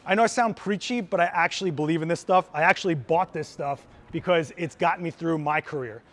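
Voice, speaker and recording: A male photographer gives a brisk live gear demonstration at a trade show, talking in a voice slightly higher than typical for a man. Easygoing and excited, he guides his audience step by step in the manner of a chatty, friendly teacher.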